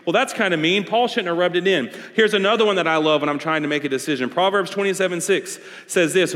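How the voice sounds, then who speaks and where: A man's voice: high-pitched, fast talker, hardly any pauses, fairly bright tone. A male pastor delivering a conversational sermon, pressing his points with repeated rhetorical questions. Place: large church hall. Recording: long church-hall reverb.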